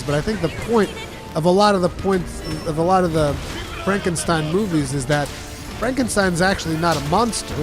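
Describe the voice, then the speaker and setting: Animated male game streamer, high voice. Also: fairly quick. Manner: animated, joking, exclaiming. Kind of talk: casual gameplay commentary. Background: game music.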